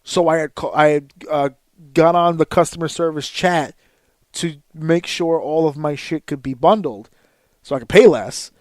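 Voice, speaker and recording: A man's voice: a little high, moderate pace, dry recording. A man in his thirties hosting a podcast, telling a profane, exasperated story in a casual rant. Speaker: podcast host. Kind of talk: casual ranting monologue.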